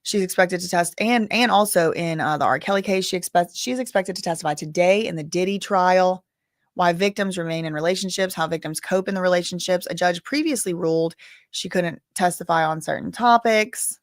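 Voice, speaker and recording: A woman's voice: on the low side, a little fast, no room sound, studio quality. A woman giving casual live-stream commentary, reading news updates aloud with chatty asides, sounding tired. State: tired, yawning.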